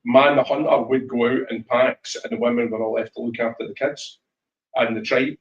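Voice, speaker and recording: A Scottish man telling lively whisky stories as a guest speaker at a tasting, acting out voices as he goes. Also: mid-range voice, normal speed, reverberant, distant mic, muffled recording. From Scotland. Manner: animated storyteller, acts out voices in anecdotes. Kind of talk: live storytelling chat at a tasting. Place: shop tasting room.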